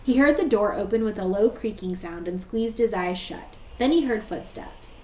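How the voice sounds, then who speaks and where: Teacher reading a storybook aloud, roomy echo. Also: female voice, mid-range voice, moderate pace. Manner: steady, gentle narration. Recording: echoey room, voice far from mic.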